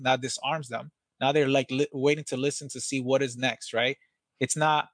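A man's voice: medium pitch, steady tone, moderate pace, a bit bright, no echo. A man, guest on an interview, talking energetically and casually about training salespeople, acting out phone calls, with some swearing.

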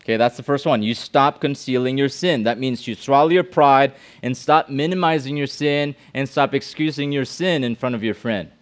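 A middle-aged man preaching to young people in a loose, conversational way. He keeps asking the room questions, repeats his words and restarts his sentences as he goes. His voice sits at an ordinary middle pitch. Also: normal speed, few pauses. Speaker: pastor. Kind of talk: youth sermon with audience questions.

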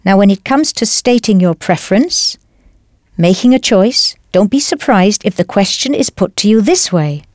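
A woman teaching a language lesson in scripted narration, explaining patiently and clearly step by step. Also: medium pitch, animated, moderate pace, a little mellow, no echo, studio quality.

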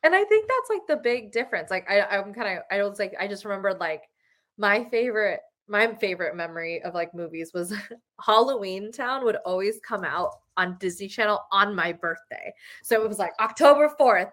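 A woman guesting on a podcast, chatting in an animated, giggly way with lots of "like". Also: mid-range voice, normal speed. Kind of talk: casual chat.

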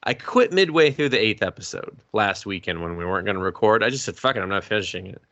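A man's voice: on the low side, lively intonation, fast talker, a bit bright, muffled recording. A man co-hosting a podcast in casual chat, ranting in an exasperated, profane way. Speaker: podcast co-host.

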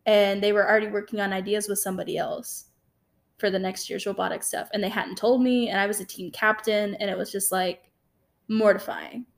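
A young woman co-hosting a podcast, telling a personal story in a casual, animated way. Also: mid-range voice, fairly quick, gravelly. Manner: animated, lively retelling with acted-out quotes. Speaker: podcast co-host.

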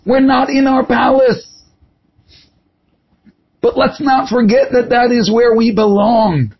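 Male preacher, very high and husky voice, impassioned storyteller, muffled lo-fi recording. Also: slow pace. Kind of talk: sermon with parable.

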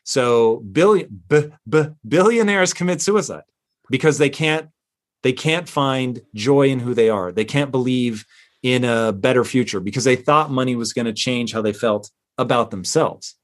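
A middle-aged man appears as a podcast guest and tells a personal story emphatically and with animation, swearing now and then. He speaks at a medium pitch and a moderate pace.

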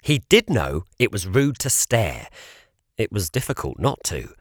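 A man narrating a children's audiobook at a slow, deliberate pace. His pitch moves a lot as he tells the story. The recording is dry and close, with no room sound. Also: no echo. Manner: measured, expressive storytelling.

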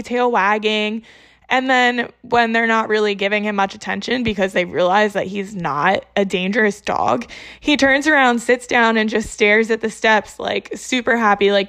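A young woman casually telling a story to her viewers, exasperated and animated, acting out the people she quotes. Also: medium pitch.

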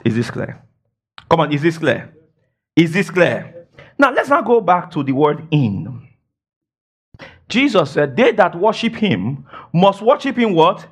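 Very animated and unhurried, this male preacher pauses often, and his voice has a breathy edge. Teaching the Bible in a sermon, he asks the congregation questions, fills his speech with "praise God" and "all right," and swoops emphatically from high to low.

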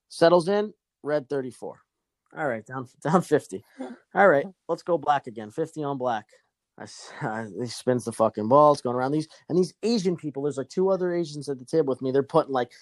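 A man's voice: mid-range voice, no echo. Young guy ranting about losing at the casino, cursing nonstop, dead dry sound. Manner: profane, animated storytelling. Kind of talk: casual storytelling chat.

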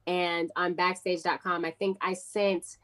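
Animated American actress telling stories. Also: female voice, lowish voice, a little slow. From United States. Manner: animated, acts out quoted voices of people in her stories. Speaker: guest actress. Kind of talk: casual interview storytelling.

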